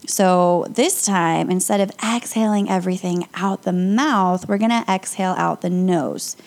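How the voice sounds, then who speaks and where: A woman's voice: on the low side, unhurried. Woman, young adult, yoga instructor, podcast host, guided breathing, upbeat, encouraging, casual. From Las Vegas area. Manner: calm, upbeat and encouraging, with light laughs.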